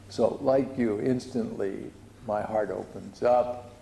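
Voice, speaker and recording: A man's voice: lowish voice, fairly even intonation, slow pace, gravelly, dark tone, slight background noise. A man, a spiritual teacher, telling a personal story to a group in a chatty way, full of fillers and restarts. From United States. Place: hall with audience. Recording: echoey room recording.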